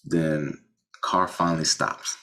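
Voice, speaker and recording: A man casually telling a personal story about a car accident, animated, with frequent restarts and blunt swearing. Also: rumbling low, slow pace.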